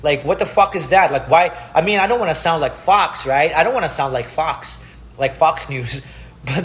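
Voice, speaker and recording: A man's voice: on the high side, normal speed, fairly bright tone. A man with Russian as his first language, giving a heated, profane casual monologue and repeating himself. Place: Palm Springs.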